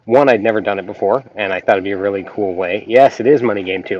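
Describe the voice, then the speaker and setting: A man's voice: lowish voice, fast. A man hosting a casual live stream, rambling and full of ums as he greets viewers. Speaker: YouTube reaction channel host. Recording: dull lo-fi sound with faint noise.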